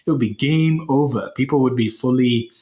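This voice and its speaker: A man hosting his own podcast, speaking in an earnest, reflective monologue about spirituality and business, pausing often with fillers. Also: medium pitch, dark tone. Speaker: podcast host.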